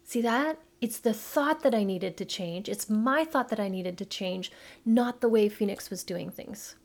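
A middle-aged woman hosting a podcast, telling a personal story in an earnest, animated way and acting out dialogue. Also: medium pitch, a little slow. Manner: addresses listeners as mamas. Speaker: podcast host, midlife coach. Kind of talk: casual monologue podcast.

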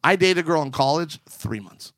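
A man's voice: a little high, moderate pace, dry recording. Middle-aged guy co-hosting a chat, telling a funny story from college, doing little voices, close dry mic. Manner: animated storyteller acting out quoted voices. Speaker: podcast co-host and marriage counselor.

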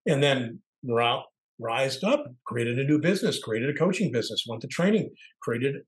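Poor audio carries this middle-aged man's animated, medium-pitched voice at a normal speed. Co-hosting a podcast, he reflects candidly on personal matters, feeling his way toward the right words and performing the voices of people he quotes.

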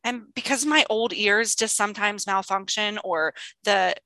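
A woman who teaches young children online, telling classroom stories in casual chat over a video call and acting out the voices in a lively way. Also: mid-range voice, a little slow, no room sound, rough recording. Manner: animated storyteller who acts out voices.

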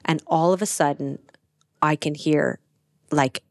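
Woman telling her story, kinda low voice, dry close sound, says like a lot. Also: a little slow, no room sound. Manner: earnest, animated retelling with frequent "like" fillers. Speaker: podcast guest. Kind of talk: personal storytelling in conversation.

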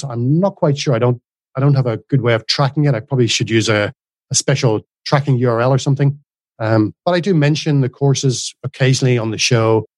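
A man in his forties with a softened Northern Irish accent that carries a trace of Australian speaks as an interview guest. He talks earnestly in long, flowing runs, often restarting a phrase. His voice sits at a middling pitch and sounds dry and close, with almost no room around it. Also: no echo. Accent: softened Northern Irish, mixed with Australian. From Northern Ireland. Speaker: guest, course creator. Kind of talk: casual interview conversation.

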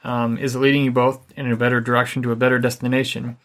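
A middle-aged man with a medium-pitched voice co-hosts a podcast, offering relationship advice in a casual chat. He speaks calmly and evenly, deliberately taking his time.

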